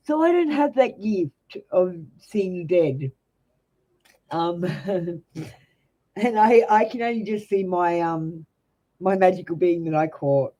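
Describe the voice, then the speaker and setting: A woman's voice: lowish voice, expressive, slow, long pauses, mellow. An Australian woman reading tarot cards on a live stream, chatting bluntly and casually with viewers in a practiced announcer-style delivery. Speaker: tarot reader.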